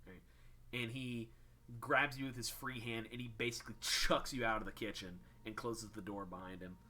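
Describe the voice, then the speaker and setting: A man's voice: medium pitch, steady tone, normal speed, pushed and bright. A man running a tabletop game as game master, casual and full of ums. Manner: casual, lots of ums and uhs.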